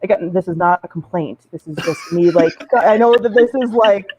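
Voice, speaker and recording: A woman's voice: fairly low pitch, normal speed, noisy background. A woman chatting casually in a book club discussion, talking loosely with many fillers and laughs. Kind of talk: casual chat.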